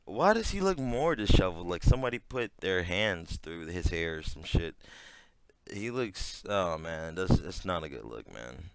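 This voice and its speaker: A man doing casual reaction commentary, rambling with many fillers and swear words, breaking into sudden loud outbursts. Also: sits low, big pitch swings, normal speed, clear, resonant tone, no echo.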